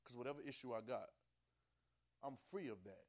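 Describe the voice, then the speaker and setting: Dialect-speaking preacher swinging from soft to loud. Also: male voice, medium pitch, moderate pace. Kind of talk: sermon.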